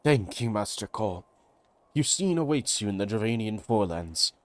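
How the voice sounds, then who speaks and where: A man's voice: on the low side, expressive, moderate pace, no room sound, lightly acted. A man voicing an earnest older nobleman asking for help finding his daughter in a game role-play. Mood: worried. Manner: earnest, formal. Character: worried older nobleman father.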